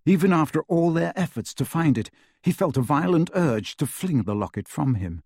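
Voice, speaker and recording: A man narrating an audiobook in a steady, measured storytelling voice. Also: on the high side, husky. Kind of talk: scripted narration.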